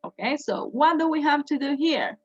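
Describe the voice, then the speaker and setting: A woman's voice: high voice, animated, normal speed, dull audio. A woman teaching English grammar, patiently repeating each point and translating it. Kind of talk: bilingual grammar lesson.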